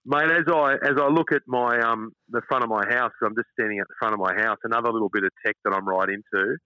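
A middle-aged Australian man, a radio host appearing as an interview guest, tells casual, animated stories from outside the front of his house, calling the listener mate. His medium-pitched voice is fast and chatty, captured on a dull, dry, lo-fi line.

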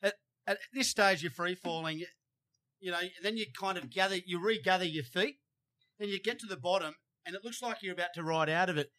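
Male host, somewhat high, bright voice, loose rambling studio questions. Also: a little fast. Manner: rambling, filler-heavy questions. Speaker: show host. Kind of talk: casual interview hosting.

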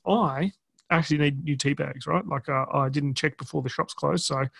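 A man's voice: on the high side, fairly even intonation, moderate pace, vocal fry, fairly bright tone, slightly rough. A man with a slightly raised voice, bantering on a casual podcast. He jokes around and drops "mate" into his lines. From Australia. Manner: jokey, says "mate" often. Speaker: podcast co-host.

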